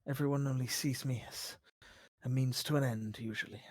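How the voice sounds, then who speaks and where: A gentle young woman speaks low and hushed, shy and fond of the one she addresses, as the game master puts her on. Her voice sits lower than the narrator's own, with a dry, close sound. She is a tabletop game character. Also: steady tone, moderate pace, no room sound, natural voice. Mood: tender, quiet. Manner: soft and hushed. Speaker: non-player character.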